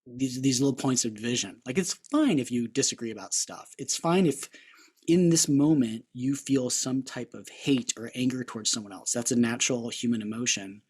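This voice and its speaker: Guy hosting a chat, kinda husky, thinks out loud, long rambly questions. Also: medium pitch, moderate pace. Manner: rambling, reflective questions with restarts. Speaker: podcast host. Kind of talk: conversational interview.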